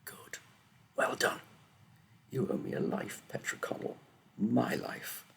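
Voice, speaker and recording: A man's voice: slow, fairly bright tone. A man voicing a cruel, vengeful voice inside a girl's head, hissing threats in a whisper. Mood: menacing. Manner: hissed whispers, snarling threats.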